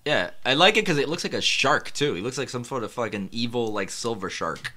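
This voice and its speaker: A man's voice: medium pitch, lively intonation, brisk, pushed and bright. A man co-hosting a podcast, bantering in a giggly, swearing way. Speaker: podcast co-host. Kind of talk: casual comedic chat.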